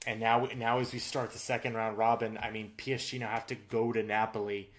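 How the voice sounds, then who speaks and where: A male sports podcast co-host goes over football results casually, his speech heavy with fillers and restarts. He talks briskly in a lowish voice with little pitch movement.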